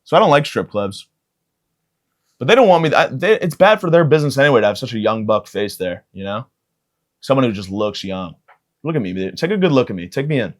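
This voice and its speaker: A man in his thirties hosting a comedy podcast, rambling through a profane solo monologue and jumping into loud excited bits. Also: mid-range voice, a little fast. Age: 30s. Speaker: podcast host.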